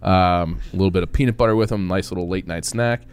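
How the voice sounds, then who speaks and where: A laid-back man with a very deep, smooth, resonant voice drawls through a casual podcast chat. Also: quick pace.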